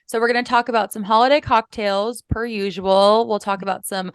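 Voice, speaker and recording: An upbeat woman co-host with a smooth, clear voice and a reassuring manner. The sound is dry and close, with no room in it. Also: medium pitch, steady tone, a little fast, dry recording. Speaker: podcast co-host. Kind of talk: casual podcast intro and chat.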